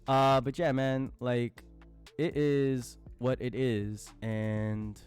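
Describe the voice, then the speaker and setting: A man streaming live, chatting casually with his viewers, laughing often and breaking into loud outbursts. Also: mid-range voice, flat delivery, drawn-out words, smooth, faint music behind. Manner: addresses chat as y'all, slangy.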